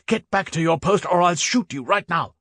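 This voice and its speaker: A man's voice: high-pitched, lively intonation, moderate pace, creaky, fairly bright tone, no echo, clean studio sound, pitched above the performer's own voice, full character voice. A man reading an audiobook, voicing a desperate army sergeant who barks orders at his men. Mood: barking. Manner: barking frantic orders. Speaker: German sergeant. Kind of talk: audiobook narration.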